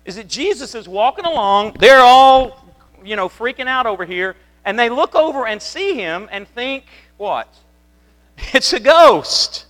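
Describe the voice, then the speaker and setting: A man's voice: very high voice, lively intonation, moderate pace, a bit bright. A man preaching a conversational sermon as a pastor, telling the story in a chatty way with many restarts. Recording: long reverb of a hall.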